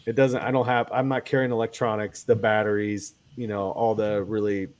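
A man's voice: lowish voice, level tone, fairly quick, slight background noise. A man with a cold chatting casually about kayak gear, rambling with lots of fillers and restarts. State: has a cold. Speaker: kayak angler guest. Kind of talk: casual chat.

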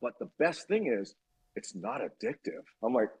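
A middle-aged man with a husky, slightly breathy voice tells a story from his own life. His pitch swings widely as he acts out other people's lines, and he curses casually along the way. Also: moderate pace, poor audio. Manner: animated storyteller, swears freely, acts out quoted voices. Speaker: guest.

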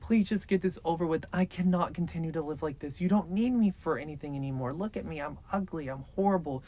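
A desperate, begging teenage girl, as a man puts her on, her voice pushed well above his usual pitch and strained with pleading. She sounds worn out and broken. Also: fast talker, warm tone, natural voice.

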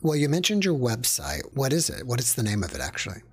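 A man hosting a podcast, asking calm, brief interview questions. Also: mid-range voice, quick pace, slightly rough. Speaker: podcast host.

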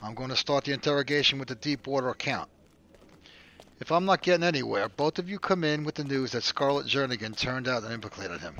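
An actor playing a confident lieutenant who briefs his team and runs an interrogation in a brisk, commanding way. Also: medium pitch, expressive, fairly bright tone. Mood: briefing. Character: confident male defense force lieutenant.

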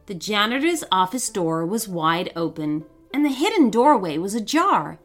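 A woman narrating a children's story in an expressive, dramatic way. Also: medium pitch, normal speed. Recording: faint background music.

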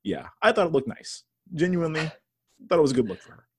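A man's voice: fairly high pitch, big pitch swings, fast talker, slight background noise. A man in his thirties co-hosting a podcast, joking bluntly in casual chat and swearing freely. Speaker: podcast co-host.

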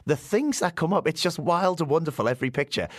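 A man's voice: fairly high pitch, animated, no echo, clean studio sound. A man co-hosting a podcast, chatting and interviewing a guest in a jokey way. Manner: jokey, chatty, quick asides. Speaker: podcast co-host. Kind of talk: casual podcast chat.

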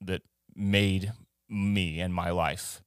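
A man's voice: low voice, fairly even intonation, extremely slow, clear, resonant tone, dry recording, studio quality. A man guesting on a podcast, talking casually in a rambling, profane way with many restarts. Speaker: guest musician.

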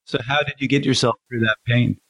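A male interviewer with a gravelly, fry-tinged voice of middle pitch, recorded close and dry. He asks questions and sums up points in a measured, conversational way. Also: fairly even intonation, fairly bright tone, no room sound. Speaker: interviewer, podcast host.

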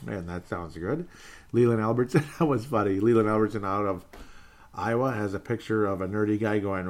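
Man, podcast host, lowish voice, casual chat, reads listener comments, fillers and chuckles. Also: normal speed, a little mellow.

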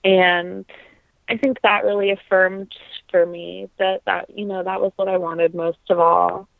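A young woman, a trained singer, reflecting earnestly in an interview, pausing often with ums and restarts. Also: medium pitch, level tone, creaky, no room sound. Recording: dry, tinny phone-like line.

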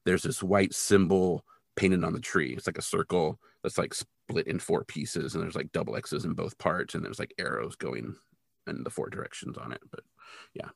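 A man's voice: low voice, normal speed, gravelly, no echo, studio quality. A man co-hosting a podcast, retelling a TV episode in a loose, casual way with lots of filler words. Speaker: podcast co-host.

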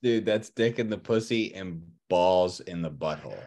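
A man's voice: low voice, lively intonation, normal speed, a little mellow. A man telling crude stories bluntly in casual podcast banter.

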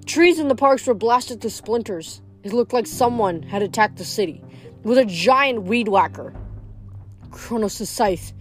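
Woman reading a novel aloud, fairly high. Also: normal speed, soft background music. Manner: steady read-aloud narration with small stumbles. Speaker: reader.

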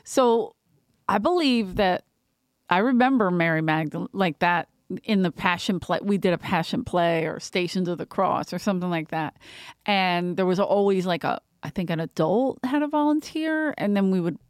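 Woman, podcast host, animated, joking, dry studio sound. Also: on the low side, moderate pace, no room sound. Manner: joking, self-deprecating, animated. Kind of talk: casual comedic chat.

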